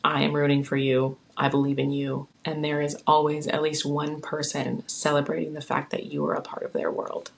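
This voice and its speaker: A young adult hosts a solo podcast from home and speaks earnestly, offering encouragement and support. The voice has a gravelly, creaky texture. The delivery stays low-key and flat in pitch, and it is recorded on a phone. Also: normal speed, hardly any pauses, poor audio. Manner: earnest, encouraging, heartfelt pep talk. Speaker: podcast host. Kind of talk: casual solo podcast talk.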